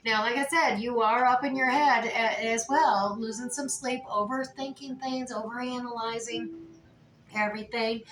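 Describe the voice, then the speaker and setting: A woman's voice: fairly high pitch, fairly bright tone, a little hiss or hum. A woman giving a casual tarot reading, talking in a chatty way with many fillers and restarts. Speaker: tarot reader. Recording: echoey room, mic at a distance.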